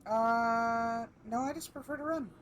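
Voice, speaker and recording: A woman speaking in character during a live roleplay, matter-of-fact and lively. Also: on the high side, unhurried.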